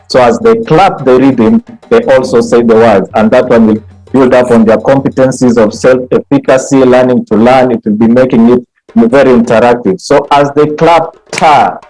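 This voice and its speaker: A man leads an online training for music teachers, explaining note values step by step. He chants rhythm syllables to show each beat, in a voice of middling pitch, speaking into a computer mic. Faint music plays behind him. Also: a little mellow, poor audio. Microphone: computer mic on a video call.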